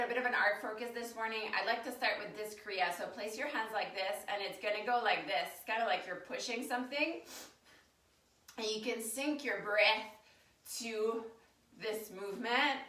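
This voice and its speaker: A woman's voice: a little high, normal speed, pushed and bright. A woman leading a live yoga class in a chatty, casual way, stuffed up from allergies. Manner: casual, chatty, laughs often. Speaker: yoga teacher. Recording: roomy, from a distance.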